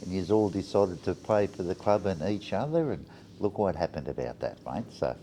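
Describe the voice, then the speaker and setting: A man's voice: sits low, lively intonation, normal speed, warm tone, slight background noise. An Australian man, a player's family member, teasing the team in a casual recorded message. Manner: teasing, matey.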